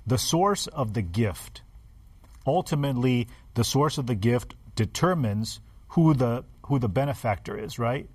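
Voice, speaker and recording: Man, husky voice, deliberate teacherly talk in a discussion, dry sound. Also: mid-range voice, animated, no room sound. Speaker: Bible study co-host. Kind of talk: casual group discussion.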